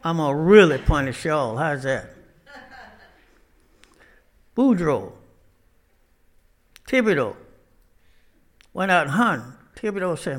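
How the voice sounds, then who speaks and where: A man's voice: a little high, very animated, takes it slowly, long pauses. A man preaching a sermon, opening with folksy joke-telling in loose, casual grammar.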